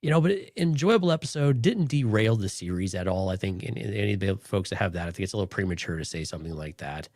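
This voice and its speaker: A man's voice: low-pitched, animated, fast, hardly any pauses, darkish tone, dry recording. A man co-hosting a podcast in casual chat, rambling and enthusiastic, with lots of "like.". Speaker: podcast co-host.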